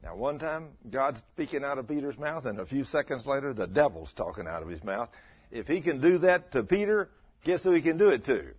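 A man in his fifties preaching a storytelling sermon, animated and acting out the dialogue. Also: mid-range voice, brisk, husky. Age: 50s. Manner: animated, acts out dialogue, laughs with listeners. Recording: dull lo-fi recording.

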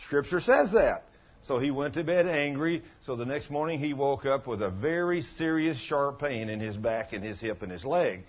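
A man's voice: medium pitch, expressive, moderate pace, muffled recording. A man preaching a sermon as pastor, telling folksy stories and putting questions to the congregation.

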